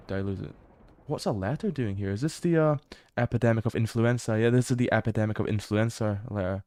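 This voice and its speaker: He talks fairly quickly in a low-leaning, gravelly, slightly mellow voice. It's casual livestream commentary as he explores a horror game, with frequent laughter and the odd curse.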